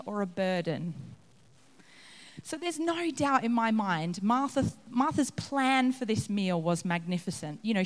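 A woman giving a conversational sermon, acting out the scenes she describes. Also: medium pitch. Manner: conversational, acts out scenes with laughs. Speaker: preacher. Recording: long reverb of a hall.

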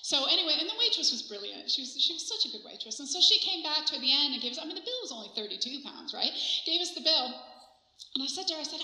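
Woman preacher, animated storyteller, crisp bright voice. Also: high voice, fast talker. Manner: animated storytelling, laughs often. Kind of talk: sermon testimony. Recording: roomy echo.

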